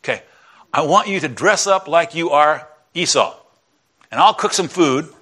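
A man's voice: on the high side, lively intonation, normal speed, pushed and bright, breathy edge, exaggerated voice. A man voicing a scheming mother who urgently presses her son to go along with her plan. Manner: urgent, insistent.

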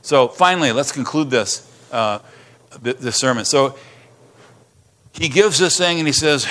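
A man's voice: a little high, lively intonation, moderate pace, fairly bright tone. A man preaching a sermon as pastor, reading scripture aloud with passion and emphasis.

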